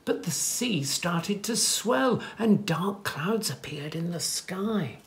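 Guy reading a picture book to kids, lively up-and-down pitch, bit of gravel in the voice, lifts up for the animals. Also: takes it slowly, hardly any pauses, a little hiss or hum. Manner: gentle, pointing things out with soft asides; lifts voice for animal speech without distinct characters. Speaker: children's story reader.

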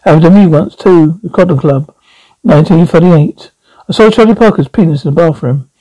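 An actor voicing the ghost of an old jazz musician in an animated series, telling boastful, bawdy stories as a mentor. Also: male voice, on the high side, a little fast, slightly rough, muffled recording. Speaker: ghost advisor.

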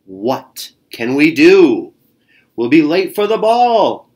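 A man's voice: on the high side, sing-song, slow, a little mellow, pitched above the performer's own voice. A man voicing a fretful male bear bandleader in a storybook, anxious and exclaiming. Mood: worried.

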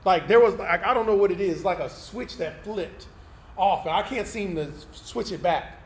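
A man's voice: high-pitched, normal speed. A man preaching a personal testimony sermon in a candid, conversational way, often checking in with the congregation. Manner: candid, conversational, tag questions like "right?". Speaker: pastor. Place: event hall used for Sunday service. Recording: roomy hall sound with faint noise.

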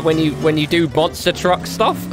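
A young man riffing through gameplay commentary in a fairly high voice that leaps all over the place. He trash-talks the game characters with slangy jokes, while clear music plays underneath. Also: animated, a little slow. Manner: rowdy, jokey trash-talk with slang and frequent laughter. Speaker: gaming YouTuber.

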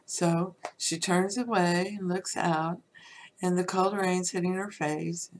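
A woman hosting a podcast, teaching in a casual, rambling way with many "you know" fillers, sometimes dropping to a soft near-whisper. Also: lowish voice, fairly even intonation, slow pace, a little hiss or hum. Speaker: podcast host. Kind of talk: casual spiritual teaching talk.

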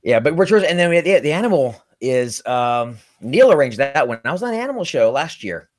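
A man's voice: a little high, very animated, fairly quick, no room sound. Sarcastic man, dry close mic. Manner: joking, sarcastic banter. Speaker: co-host. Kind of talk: casual chat.

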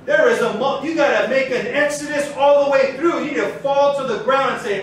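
A man's voice: very high-pitched, a little fast, few pauses, a little hiss or hum. A man teaching a sermon before a congregation, fervent and building in intensity as he preaches. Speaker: Torah teacher. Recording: very echoey room, mic far off.

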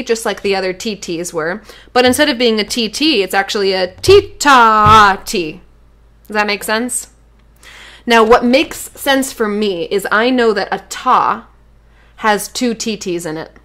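A woman's voice: medium pitch, fairly bright tone. A woman teaching a children's rhythm lesson, chanting rhythm syllables and encouraging the class. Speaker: music teacher.

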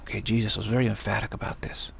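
This gravelly, husky spiritual teacher speaks fast with a fairly low, fairly bright voice and a level tone, amid slight background noise. His emphatic talk is full of repeated and restarted words.

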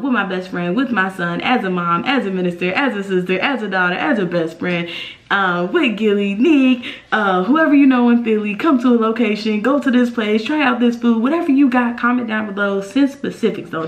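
A woman's voice: medium pitch, normal speed. A woman vlogger chatting casually and straight to her viewers. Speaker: vlogger pranking her boyfriend. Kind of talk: casual vlog talk. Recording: echoey room, mic at a distance.

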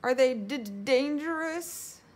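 A woman's voice: extremely high pitch, animated, normal speed, fairly bright tone, faint music behind, pitched above the performer's own voice. A woman voicing a small, timid young piglet who stammers nervously in a storybook read-aloud. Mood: anxious.

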